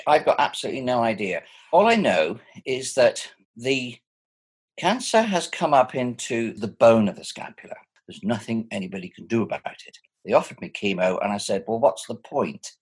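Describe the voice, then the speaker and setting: A man in his sixties with a husky voice, speaking thoughtfully and animatedly from home over a video call. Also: mid-range voice, normal speed. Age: 60s. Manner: thoughtful, animated, chuckling often. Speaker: interviewee. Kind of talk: reflective personal conversation.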